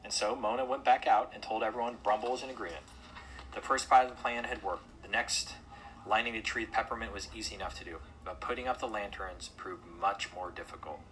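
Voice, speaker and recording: A man reads a children's storybook aloud in a gentle, unhurried way. His voice sits fairly low but has a bright, forward tone. Small slips and restarts keep it natural. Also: slight background noise, low-quality recording. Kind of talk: storybook narration.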